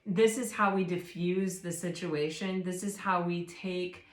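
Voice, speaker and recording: A woman giving a tarot reading as a casual spiritual chat, rambling with many fillers and restarts in a soft, reassuring way. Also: on the low side, fairly even intonation, a little slow. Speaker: tarot reader. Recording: roomy echo.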